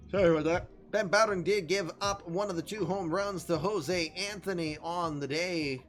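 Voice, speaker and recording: A man's voice: high-pitched, moderate pace, a bit bright, faint music behind. A man hosting a casual recap of an online baseball league, tired and yawning, chatty and laughing at his own jokes. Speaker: host reading online league baseball results. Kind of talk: casual game recap commentary.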